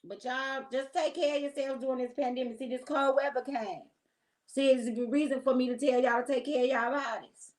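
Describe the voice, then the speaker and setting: Woman host; opinionated, slangy vlog talk aimed straight at the viewer, pitched a bit high. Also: fairly even intonation, fairly quick, darkish tone, low-quality recording. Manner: chatty, opinionated, slangy, direct address. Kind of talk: casual commentary vlog.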